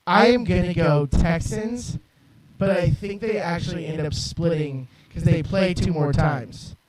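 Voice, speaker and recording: A man's voice: a little high, measured pace, far from the mic. A man co-hosting a podcast who hesitates and uses fillers before giving his football picks. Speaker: podcast co-host. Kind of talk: casual sports chat. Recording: roomy, from off-mic with crowd noise.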